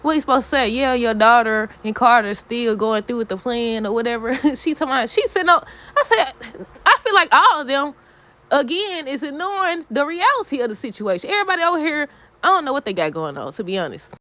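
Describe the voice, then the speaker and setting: A woman recapping a soap episode for viewers in a chatty, animated way, often laughing and quoting characters. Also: sits high, brisk. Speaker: soap opera reviewer. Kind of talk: casual recap talk to viewers.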